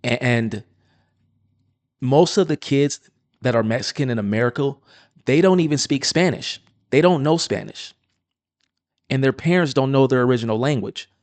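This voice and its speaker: A man's voice: medium pitch, animated, moderate pace, long pauses, darkish tone, dry recording. Combative man, dry close sound. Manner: combative, insistent. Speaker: commentator reacting to a clip. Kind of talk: argumentative reaction commentary.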